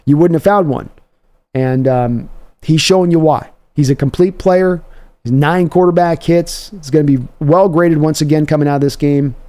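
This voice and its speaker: A man's voice: a little high, moderate pace, warm tone. A man hosting a live football reaction stream, talking through the game in a loose, conversational way. He breaks in often with fillers as he works through his points, then turns to read viewer comments. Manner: conversational analysis with frequent fillers. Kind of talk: live play-by-play reaction and chat replies.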